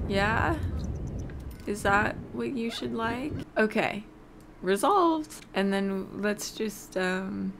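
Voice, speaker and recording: A woman's voice: mid-range voice, gravelly, a little hiss or hum. A woman hosting a casual let's play, chatting while she plays and talking to the characters in the game. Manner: chatty, easily distracted, talks to the game characters. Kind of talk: casual gameplay commentary.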